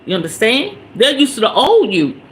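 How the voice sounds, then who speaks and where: A woman's voice: on the high side, huge pitch swings, normal speed, a little hiss or hum, low-quality recording. A woman hosting a spiritual podcast, giving an emphatic, preachy motivational talk straight to her listeners.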